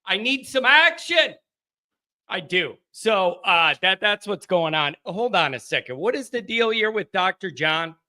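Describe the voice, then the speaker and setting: A man's voice: sits high, sing-song, unhurried, bright, forceful tone. A man hosting a live sports call-in stream, chatting casually from a home studio, rambling and joking with his chat viewers.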